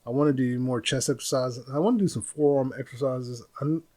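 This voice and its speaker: A man hosting a podcast, talking through his opinions in a loose, rambling solo monologue, and popping into a louder, higher voice when he quotes people. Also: fairly even intonation, a little fast. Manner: rambling, opinionated, mimics others in raised voice. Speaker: podcast host. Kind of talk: casual monologue.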